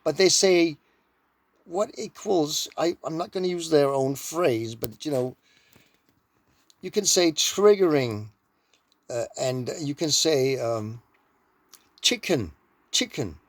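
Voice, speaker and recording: A man's voice: on the high side, animated, slow, pauses often, no room sound. A man from Denmark with a Danish accent, rambling playfully through a personal monologue. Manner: playful, drifts into mock accents and silly sounds. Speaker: vlogger.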